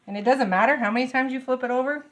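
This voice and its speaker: A middle-aged woman, gushing with excitement as she demonstrates a recipe in her home kitchen. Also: high voice, rapid-fire. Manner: bubbly, gushing, easily excited. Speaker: home cooking vlogger. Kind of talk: casual cooking demonstration.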